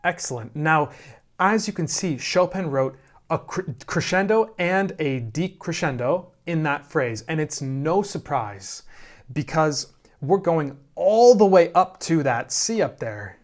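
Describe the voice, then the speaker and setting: A man teaching piano, calmly explaining phrasing and often checking in with "right?". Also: fairly high pitch. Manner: calm, slow explaining with frequent "right?" checks. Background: piano playing.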